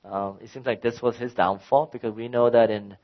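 A middle-aged man, a pastor, preaching a sermon and telling a personal story in an animated way, acting out his own exasperation. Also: medium pitch, brisk, highs cut off.

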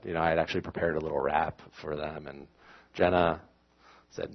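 Deep husky-voiced man preaching. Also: fairly even intonation, normal speed, dull audio. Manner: conversational, self-correcting, rises into emphatic scripture reading. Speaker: pastor. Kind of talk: sermon.

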